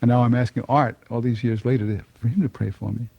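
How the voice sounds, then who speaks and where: A man's voice: mid-range voice, fairly even intonation, fast, vocal fry, breathy edge, dry recording, highs cut off. An older man telling a personal conversion story to an audience, folksy and chuckling often. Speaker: speaker giving a personal testimony.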